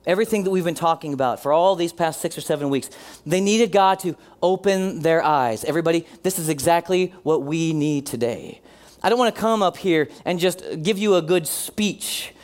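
A man preaching a sermon as pastor, earnest, slowing down and dropping his voice for emphasis, and leading the congregation in responses. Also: on the high side, lively intonation. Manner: leads the congregation in call-and-response.

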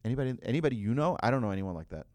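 A man's voice: medium pitch, lively intonation, racing, a little mellow, no room sound. A man, a rabbi, telling a story in a sermon, acting out the voices and often restarting his phrases.

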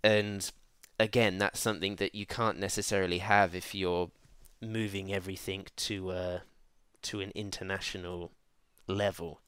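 Low, smooth-voiced man in dry chat. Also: flat delivery, a bit bright, dry recording. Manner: measured, hesitant with fillers. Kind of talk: casual chat.

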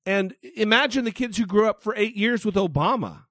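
Podcast guest, male, fired-up and foul-mouthed, lively slightly high voice, dry sound. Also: fairly quick, no echo. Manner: profane and emphatic, heated. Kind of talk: casual chat.

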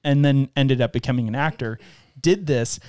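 A man's voice: medium pitch, normal speed, a little mellow, clean tone, no echo, studio quality. A man co-hosting a podcast, chatting casually about movies and laughing often. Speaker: podcast co-host. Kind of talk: casual movie-discussion chat.

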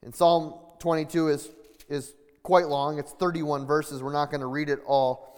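A man preaching a sermon with deliberate, measured teaching and frequent restarts. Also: on the high side, little pitch movement, smooth. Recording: long reverb of a large hall.

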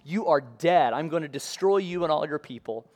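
A male preacher voicing a bullying ancient king who makes rapid, taunting threats. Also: fairly high pitch, expressive, darkish tone, long reverb tail, voice pushed down. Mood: threatening.

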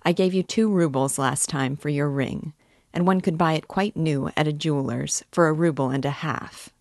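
A woman's voice: low-pitched, normal speed, a little mellow, no echo, clean studio sound. A woman reading a novel aloud, voicing a severe, miserly old female pawnbroker in a curt, haggling manner.

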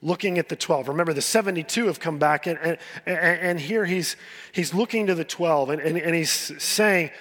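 A man preaching a sermon as pastor, earnest and pleading, often dropping to a soft voice and repeating words as he builds. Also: on the high side, normal speed. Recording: long hall reverb.

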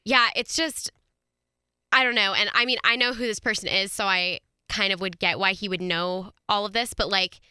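A young woman with a very bright, smooth voice chats with her co-host about a crime case. She reacts quickly and laughs often. The sound is close and dry. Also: medium pitch, fairly even intonation, dry recording. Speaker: true crime podcast co-host. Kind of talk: casual chat.

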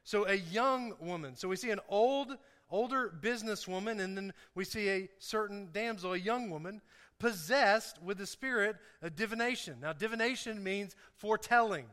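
This pastor's voice sits high and sounds a bit bright, at a normal speed. Preaching in a church sanctuary with echoey hall acoustics, he keeps things playful and chatty with the congregation, frequently laughing.

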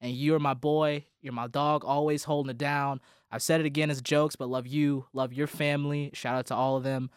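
Young male student broadcaster, sentimental farewell, smooth clear voice, dry studio sound. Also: fairly high pitch, level tone, moderate pace, few pauses, no room sound. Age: young adult. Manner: rambling, heartfelt, with restarts and laughter. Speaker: college radio host. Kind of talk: emotional farewell speech on air.

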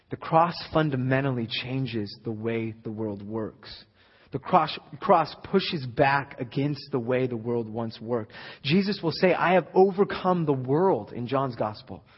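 A young man preaching a sermon, emphatic, building to near-shouts at the high points. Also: breathy edge. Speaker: pastor. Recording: dull lo-fi recording in a reverberant hall.

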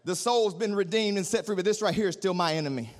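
A man preaching a sermon, swelling into a singsong cadence and easing down into quiet prayer. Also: sits high, fast talker. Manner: preaching with rising fervor, singsong cadence, drops to soft prayer. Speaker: pastor.

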